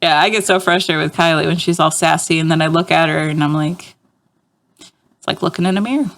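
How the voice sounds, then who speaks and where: A woman's voice: deep voice, a little fast, fairly bright tone. A woman, co-hosting a casual chat podcast, laughing often and quoting her kids. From United States. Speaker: podcast co-host.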